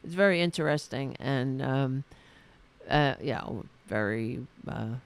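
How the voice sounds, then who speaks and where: This political commentary host speaks in a mid-range voice with vocal fry and a clear, resonant tone. Alone on the show, he rants angrily with sarcasm and swearing, his speech halting, full of restarts and fillers.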